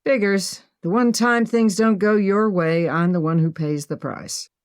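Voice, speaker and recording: Audiobook role: pessimistic, sharp-tongued young woman, sarcastic, read by a woman narrator. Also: mid-range voice, unhurried, no room sound, clean studio sound, close to an everyday voice. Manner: sarcastic, snappish.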